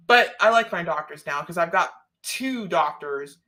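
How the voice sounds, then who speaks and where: In an unhurried, animated, fairly low voice with a sharp tone, a woman from Canada chats on a live stream. She's emotional and close to tears, rambling and laughing often.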